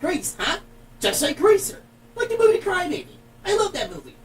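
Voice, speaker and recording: A woman's voice: extremely high pitch, very animated, moderate pace, far from the mic, heavy background noise. A woman voicing a small, cheeky male stuffed penguin toy in a cartoon, talking in a playful, unbothered way. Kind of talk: cartoon voice acting.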